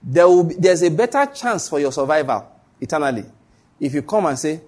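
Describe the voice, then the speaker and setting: A Nigerian male pastor preaching a live-streamed sermon, telling stories and repeating key phrases for emphasis, dropping to a hush and then rising. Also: a little high, very animated, a little fast. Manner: dramatic shifts between hushed and raised voice.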